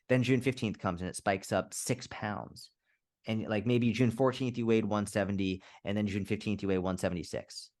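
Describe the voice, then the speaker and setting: A man's voice: on the low side, darkish tone. A man being interviewed as a fitness coach, speaking casually and candidly, swearing now and then and acting out little scenarios. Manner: candid, swears, quick restarts, acts out scenarios. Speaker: fitness coach, podcast guest.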